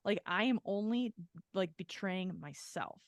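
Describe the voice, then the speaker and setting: A woman's voice: mid-range voice, a little slow, dry recording. Candid rambling woman podcaster, dry sound. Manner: candid, rambling, heavy "like" filler, swears freely. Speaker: podcast co-host. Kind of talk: casual chat.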